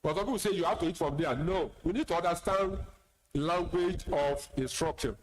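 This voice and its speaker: A man's voice: a little high, fairly quick, rough recording. A man with a Nigerian accent, an imam giving a sermon, plain-spoken with teasing asides and repeated words. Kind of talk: sermon lecture.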